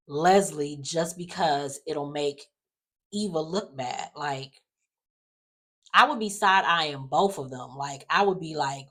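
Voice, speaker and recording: A woman chatting casually in a sassy, animated way, sighing and acting out lines in quotes. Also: low-pitched. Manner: animated, sassy, acts out characters in quotes, frequent sighs. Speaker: soap opera recap vlogger. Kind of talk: casual recap chat.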